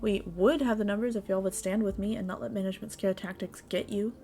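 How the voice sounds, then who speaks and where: A woman's voice: mid-range voice, fairly even intonation, fast talker, dark tone, lightly acted. A woman voicing a bitter adult male miner who wants a strike, speaking bluntly and cynically. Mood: defiant.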